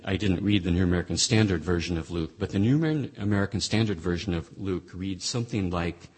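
A man's voice: sits low, breathy edge. A man teaching through Bible passages, reading scripture aloud and then explaining it, with frequent restarts.

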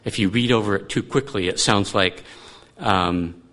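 A man's voice: on the low side, normal speed, a bit bright. A man teaching through a Bible passage in a conversational way, thinking aloud and restarting his sentences.

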